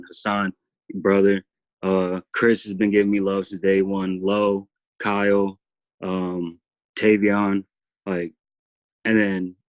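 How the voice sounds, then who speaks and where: A man with a fairly low voice speaks with heartfelt earnestness on a group video call, circling back over his words. The audio is dull and muffled in a dry, close room. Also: dry recording. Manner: heartfelt, earnest, repeats himself. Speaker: team member sharing his story. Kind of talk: emotional testimony on a group call.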